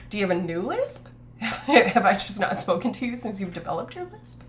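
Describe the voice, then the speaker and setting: A woman's voice: mid-range voice, sing-song, moderate pace. Woman streamer, casual rambling chat, mid-range voice, faint hum underneath. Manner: rambling, many fillers and self-corrections; reads chat aloud and reacts.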